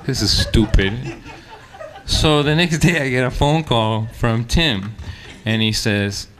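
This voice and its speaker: A man telling a funny story from a stage, animated and self-mocking, chuckling as he goes. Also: medium pitch, a little slow, background noise. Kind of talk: live storytelling anecdote.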